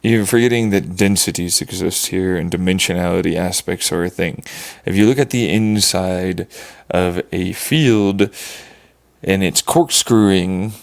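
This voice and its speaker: A man's voice: deep voice, unhurried, gravelly. A man streaming live, thinking aloud in a rambling, profane monologue and correcting himself as he goes.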